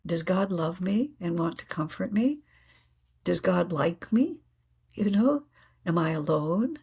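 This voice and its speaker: A woman's voice: fairly low pitch, lively intonation, slow pace, gravelly, darkish tone, husky. A woman guest telling reflective spiritual stories in an earnest way, laughing often and acting out her inner dialogue.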